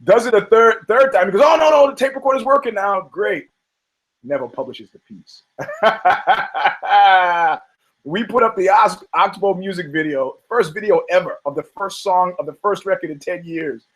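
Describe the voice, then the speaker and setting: A podcast host, a man whose voice sits a little on the high side. He talks in loose, profane banter, restarting sentences and breaking into laughter between phrases. It is unscripted, casual chat. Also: measured pace, a bit bright, poor audio.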